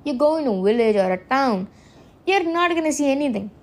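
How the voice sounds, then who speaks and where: A woman's voice: sits high, expressive, a little fast. A woman hosting a solo podcast, rambling earnestly, often correcting herself and laughing. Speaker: podcast host. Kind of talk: casual solo podcast monologue.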